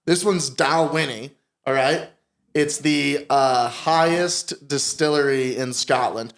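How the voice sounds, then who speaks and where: A man's voice: on the high side, slow, vocal fry. A man co-hosting a podcast, joking and bantering in casual chat. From Connecticut, USA. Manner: joking, laid-back banter. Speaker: podcast co-host.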